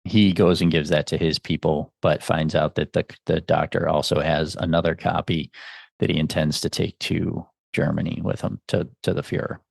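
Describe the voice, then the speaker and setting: A man's voice: low voice, gravelly, no echo, studio quality. A man hosting a podcast, giving a casual, musing film review as he thinks aloud. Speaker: podcast host.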